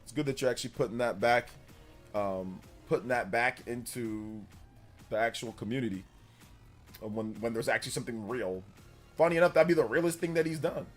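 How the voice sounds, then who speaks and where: Man, 40s, livestream host, casual rambling chat, blunt, average pitch, faint background music. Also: fairly quick. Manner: rambling, blunt, repeats himself.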